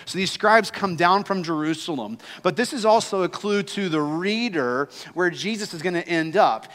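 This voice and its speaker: A man's voice: fairly high pitch, a bit bright. A man preaching a sermon as senior pastor, with an emphatic, fervent delivery. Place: church sanctuary. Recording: long reverb of a church hall.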